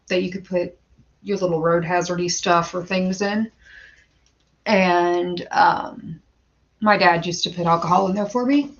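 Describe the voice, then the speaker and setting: A woman in her thirties hosting a casual firearms livestream, chatty and rambling, greeting viewers by name and restarting her sentences often. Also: lowish voice. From western Pennsylvania, USA. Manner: frequent stammered restarts and filler words. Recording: dull lo-fi stream audio.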